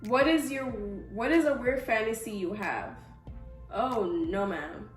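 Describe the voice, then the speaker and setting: A woman's voice: on the high side, lively intonation, slow pace, music in the background. A young woman chatting casually in a vlog Q&A, rambling through a story. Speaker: YouTuber. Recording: echoey room.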